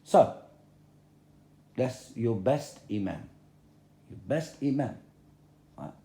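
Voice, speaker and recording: A man's voice: mid-range voice, animated, slow, mellow, roomy sound. A man talking straight to his viewers in a confrontational, repetitive rant, using plain, common speech. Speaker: video blogger. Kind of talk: direct-to-camera religious rant.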